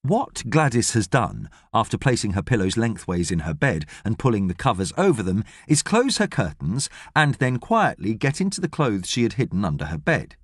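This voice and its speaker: A man's voice: fairly low pitch, normal speed, few pauses, no echo. A man narrating an audiobook in a scripted storytelling style, recorded on a studio microphone. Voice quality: expressive, storytelling.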